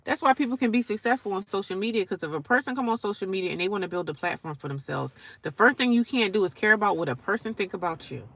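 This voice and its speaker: A woman in her forties vlogging straight to her viewers, defiant and sarcastic, jumping from loud outbursts to low mutters. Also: animated, quick pace, hardly any pauses. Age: 40s. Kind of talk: casual direct-to-camera rant.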